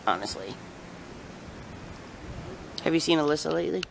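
A woman's voice: lowish voice, moderate pace. A middle-aged woman filming at a horse barn and chatting casually with her family, laughing often. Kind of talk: casual chat while filming. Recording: clear outdoor barn noise behind.

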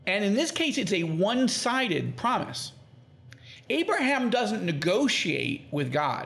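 A man with a high-pitched, gravelly voice talks at a measured pace as a podcast guest. He teaches on the Bible conversationally, animated, acting out quoted speech in lively tones.

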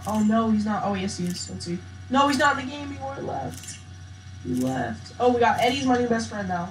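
A woman giving excitable, slangy live gameplay commentary as a channel host, often bursting into loud shouts. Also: fairly high pitch. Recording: echoey room with faint noise.

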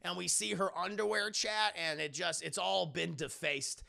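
A man's voice: high voice, moderate pace, creaky. A man casually recapping a TV episode for his stream chat, rambling and swearing as he goes. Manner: rambling, profane, animated.

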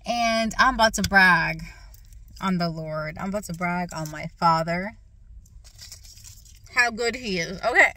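A woman in a casual faith testimony vlog, talking excitedly while chewing gum and repeating phrases for emphasis. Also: fairly low pitch, unhurried, pauses often, poor audio. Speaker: vlogger sharing a faith testimony.

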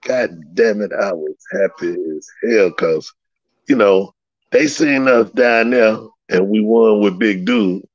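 A man's voice: on the low side, takes it slowly, dry recording. A man telling old stories in a casual, profane way, laughing often and acting out the dialogue. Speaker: guest recounting old stories. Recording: slightly dull lo-fi sound.

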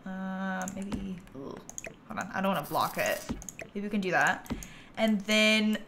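A woman livestreaming a game, chatting casually and thinking aloud, with bursts of giggly excitement. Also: mid-range voice, unhurried, a little hiss or hum. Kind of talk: casual gameplay commentary.

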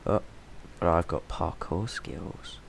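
A man giving chatty, excitable gameplay commentary on his channel, breaking into sudden exclamations, recorded on a stand-in mic. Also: low voice, takes it slowly, creaky, slightly rough. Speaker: gaming channel host. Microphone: temporary stand-in mic.

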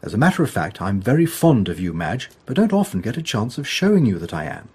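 A man's voice: on the low side, sing-song, fast, darkish tone, husky, exaggerated voice. An actor playing Gerald, a modest, easygoing man, in a radio play. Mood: genial. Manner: mild, self-deprecating, genial.

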